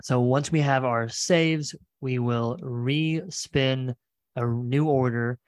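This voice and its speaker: A man's voice: mid-range voice, fairly even intonation, takes it slowly, dry recording. Laid-back male podcast host, dry sound. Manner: rambling, self-correcting, laid-back. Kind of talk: casual chat.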